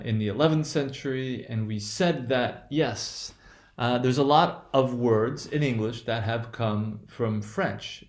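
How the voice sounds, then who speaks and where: A man gives a recorded lesson at a middle pitch, talking in a hesitant, searching way with plenty of fillers and restarts. He explains slowly and circles back to repeat his points. His voice rings in a noticeably echoey room. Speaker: English pronunciation teacher.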